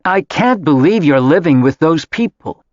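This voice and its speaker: A man's voice: fairly high pitch, very animated, a little slow, dry recording, pitched above the performer's own voice. A male narrator voicing an imperious, snobbish older mother who is a countess, with a haughty, disapproving manner. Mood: horrified. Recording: dry, slightly dull audiobook audio.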